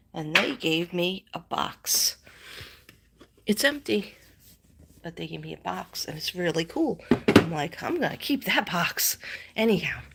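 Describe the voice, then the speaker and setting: Rambling chatty woman, lower voice. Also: husky. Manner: rambling, chatty, animated retelling. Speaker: psychic livestream host. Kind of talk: casual live-stream chat.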